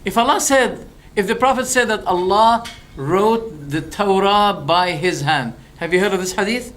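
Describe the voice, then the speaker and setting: High-voiced man preaching with animated questions. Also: normal speed. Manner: animated and rhetorical, firing questions and acting out exchanges. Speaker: Islamic preacher. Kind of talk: religious lecture.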